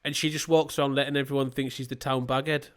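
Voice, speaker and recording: A man's voice: medium pitch, flat delivery, quick pace, smooth. A young man co-hosting a podcast, telling sweary, laughing stories in casual chat. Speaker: podcast co-host.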